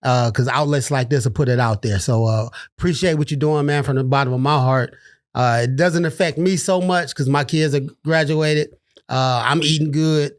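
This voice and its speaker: A man's voice: medium pitch, normal speed, no echo, studio quality. A middle-aged man from Detroit, co-hosting a sports podcast in laid-back casual chat, dropping "man" often. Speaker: podcast co-host.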